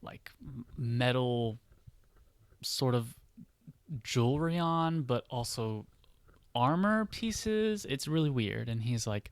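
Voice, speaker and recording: A man's voice: mid-range voice, animated, takes it slowly, pauses often, clear, resonant tone, dry recording. A man hosting a podcast, casually telling a story in a rambling way full of "like" and "you know.". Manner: rambling, filler-heavy, many "like" and "you know". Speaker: podcast host. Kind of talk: casual storytelling of a book idea.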